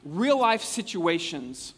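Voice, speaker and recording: Male pastor, high-pitched, conversational sermon, long hall reverb. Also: takes it slowly, husky. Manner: animated, chatty, acts out quotes with frequent restarts.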